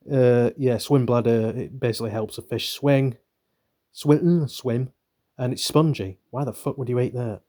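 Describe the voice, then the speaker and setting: Mellow and mid-range, this young northern British man's voice carries a book reading for his channel. The reading is punctuated by offhand, irreverent tangents with swearing.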